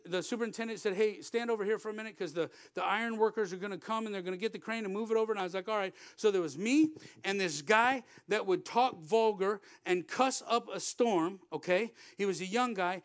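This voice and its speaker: High-voiced man preaching with a story. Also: dry recording, studio quality. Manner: conversational, repeats words, often drops to a hushed tone. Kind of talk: sermon storytelling. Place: church.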